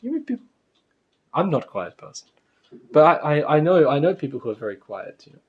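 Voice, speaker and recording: A man's voice: a little high, big pitch swings, a little fast, husky, narrow, tinny audio. A man giving a casual spiritual lecture to a class, chatty and anecdotal, often laughing.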